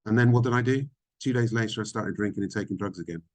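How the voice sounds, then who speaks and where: Low-voiced man, frank and halting. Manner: reflective, frank, halting with frequent ums. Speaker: podcast guest. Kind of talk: candid interview conversation.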